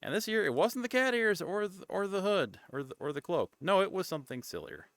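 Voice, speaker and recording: A man streaming a casual chat, rambling and often cutting himself off mid-thought, sometimes dropping into soft, breathy asides. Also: high-pitched, sing-song, fairly quick, dry recording. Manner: rambling, self-interrupting and chatty.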